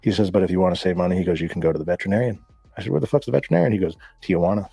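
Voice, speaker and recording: A man from Southern California, a guest, telling a profane, animated story in casual talk and acting out the voices of people he quotes. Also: low voice, racing, breathy edge, no room sound, soft background music.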